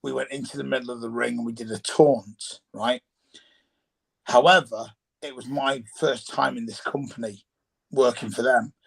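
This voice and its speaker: A man with a noticeably gravelly voice hosts a live signing session. He reads out requests and chats in an easygoing, affirming way. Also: mid-range voice, fairly even intonation, normal speed, rough recording. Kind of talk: casual chat.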